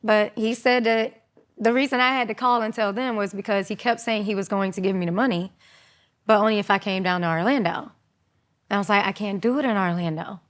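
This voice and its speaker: A woman in her thirties telling her own story as an interview guest, animated, acting out quotes in raised voices. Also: mid-range voice, fairly quick.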